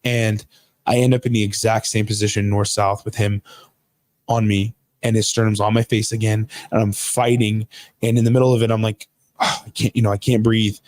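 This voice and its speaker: A man's voice: on the low side, level tone, moderate pace, a little mellow, no room sound. A man in his thirties, a podcast guest, telling a personal story in an earnest, casual way, often restarting his sentences. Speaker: podcast guest, jiu-jitsu coach.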